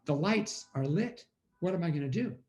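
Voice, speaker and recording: A man's voice: on the high side, expressive, normal speed, darkish tone, lo-fi sound. A man giving an inspirational storytelling talk over a video call at a community holiday event, acting out his own past thoughts.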